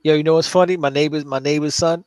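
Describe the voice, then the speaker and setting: Animated, foul-mouthed man telling stories. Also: fairly high pitch, fast talker, dry recording. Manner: animated, profane storytelling. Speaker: co-host and comic creator. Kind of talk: casual livestream chat.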